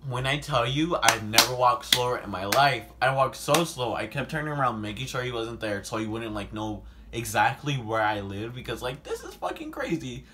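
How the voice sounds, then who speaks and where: A young man telling a personal story in a casual vlog. He talks animatedly, swears a lot, fills his speech with "like", and breaks into sudden loud outbursts. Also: mid-range voice, normal speed, hardly any pauses, background noise. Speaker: vlogger.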